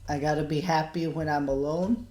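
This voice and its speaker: Halting, subdued man in an echoey room. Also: a little high, steady tone, warm tone. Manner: halting and subdued, with many pauses and restarts. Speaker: vlogger. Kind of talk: personal video diary.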